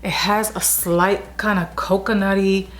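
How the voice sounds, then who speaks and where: A woman's voice: mid-range voice, fairly even intonation, a little slow, a bit bright. A woman vlogger chatting casually about beauty products, gushing and full of restarts and asides, recorded on a camera mic at home. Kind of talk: casual product review chat.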